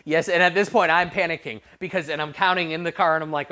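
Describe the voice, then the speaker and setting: A youth pastor tells a story to his group in a lively, unpolished way. He often stumbles and restarts his sentences, and he acts out the voices of the people in the tale. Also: a little high, fast, few pauses. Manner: animated storyteller with frequent restarts.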